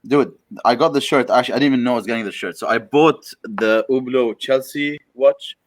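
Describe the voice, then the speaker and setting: A man's voice: mid-range voice, fairly quick, no echo, poor audio. A man, a Chelsea fan, rambling and joking in casual football banter with friends.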